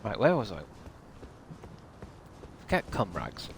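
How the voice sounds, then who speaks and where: A man's voice: fairly low pitch, huge pitch swings, slow, vocal fry, a little hiss or hum. Rambling sweary male game streamer. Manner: rambling, sweary, reacting to gameplay. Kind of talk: casual live-stream chat while gaming.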